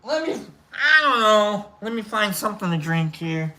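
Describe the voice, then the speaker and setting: A man's voice: high voice, sing-song, moderate pace, pushed and bright. A man hosting a casual livestream, chatting in a rambling, self-correcting way. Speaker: livestream host.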